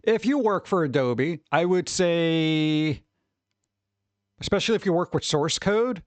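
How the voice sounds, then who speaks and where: A man's voice: a little high, animated, unhurried, no room sound. Chatty rambling male streamer, dry sound. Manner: rambling, swearing, chuckling. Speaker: streamer host. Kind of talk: casual chat.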